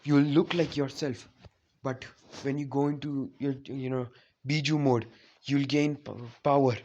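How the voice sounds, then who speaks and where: A man's voice: medium pitch, flat delivery, a little slow, darkish tone, slight background noise, lightly acted. Huge old beast spirit read by some guy, pretty plain delivery, kinda muffled. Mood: matter-of-fact. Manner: plainly told, barely acted. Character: ancient giant beast spirit, male, mighty.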